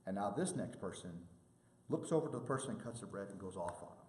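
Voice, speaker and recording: A man's voice: lowish voice, quick pace, echoey room. A man giving a presentation to sports officials, telling stories and acting out the people he quotes. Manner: animated storytelling, acts out quoted people.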